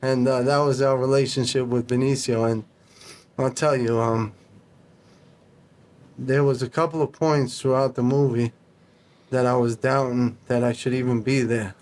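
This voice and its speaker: This man is a podcast guest spinning an anecdote in casual talk. He swears freely and slips into the voices of the people he quotes. His pitch sits in an ordinary middle range. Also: moderate pace, long pauses. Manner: animated, profane, acts out dialogue. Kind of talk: casual storytelling.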